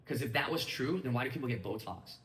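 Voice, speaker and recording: Fast-talking man in an echoey room. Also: mid-range voice, expressive, a bit bright. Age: 30s. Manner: fast, casual, acts out quoted dialogue. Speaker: sales team leader. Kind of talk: training talk to a live group. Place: room with a small audience.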